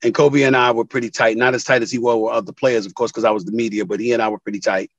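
A man's voice: little pitch movement, very fast, dry recording, poor audio. A man, a sports TV commentator, talking in an interview and telling stories with emphasis, acting out quoted phone calls. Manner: emphatic, acts out quoted calls with big pitch swings. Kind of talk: animated interview storytelling.

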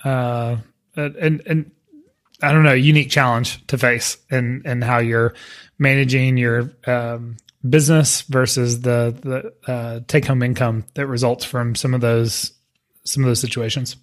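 A man's voice: medium pitch, level tone, measured pace. A man co-hosting a casual podcast with his sister, often restarting phrases as he talks. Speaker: podcast co-host. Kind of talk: casual chat.

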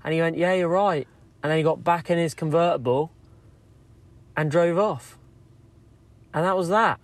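A man with a slightly higher voice tells an animated story in a voice note, acting out the lines people said. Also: moderate pace, dry recording. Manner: lively storyteller, acts out quotes. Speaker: listener sending in a story.

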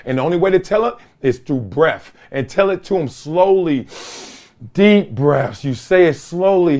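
A middle-aged man hosting his own podcast, with a voice a touch higher than most men's. He tells stories emphatically and drives his points home with repeated lines and casual slang. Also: lively intonation, normal speed. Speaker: podcast host. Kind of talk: solo podcast monologue.

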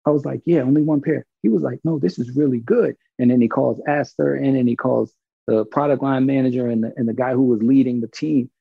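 A gravelly, husky man tells a story in a loose, animated way, doing the voices of everyone in it. The recording is dry and a bit dull, as if from a muffled close mic. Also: mid-range voice, fairly quick, dry recording. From Brooklyn, New York. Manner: animated, acts out quoted dialogue, swears freely. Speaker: guest telling a story. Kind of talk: casual storytelling.

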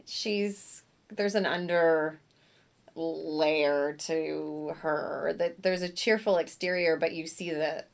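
A middle-aged actress chatting as a guest in an interview, telling lively stories with acted-out quotes and frequent laughs. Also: female voice, deep voice, slow, gravelly. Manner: animated storyteller, acts out quotes, laughs often. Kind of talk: casual interview chat.

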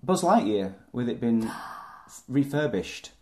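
A man's voice: mid-range voice, very animated, slow, dark tone. A man co-hosting a podcast, chatting casually in a hesitant, rambling way with dry jokes. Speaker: podcast co-host. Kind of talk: casual chat.

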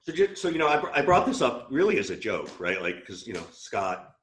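A man's voice: mid-range voice, sing-song, brisk, a bit bright. A man co-hosting a sales podcast, asking curious questions in a loose, joking way. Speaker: podcast co-host. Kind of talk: casual podcast chat.

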